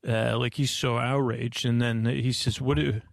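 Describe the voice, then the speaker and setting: A man slowly recapping a movie plot at bedtime, meandering with lots of fillers and restarts. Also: mid-range voice, little pitch movement, gravelly, dry recording, studio quality. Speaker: host.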